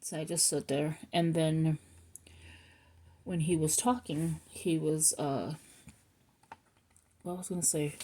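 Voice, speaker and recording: Woman, husky voice, low pitch, rambling casual vlog chat, home setting. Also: fairly even intonation, takes it slowly, long pauses, warm tone. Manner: rambling, self-interrupting, chatty. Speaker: planner vlogger.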